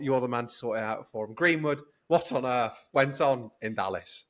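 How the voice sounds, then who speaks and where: A British man with a mid-pitched voice, co-hosting a casual sports podcast. He jokes and teases his co-host and keeps coming back to his pet phrases. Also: normal speed. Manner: joking, teasing, repeats catchphrases.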